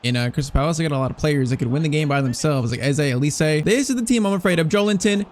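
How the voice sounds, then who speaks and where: Excitable young man calling a football game. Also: fairly high pitch, fast. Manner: excitable, anxious, slangy play-by-play. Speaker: gaming YouTuber. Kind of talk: casual gameplay commentary.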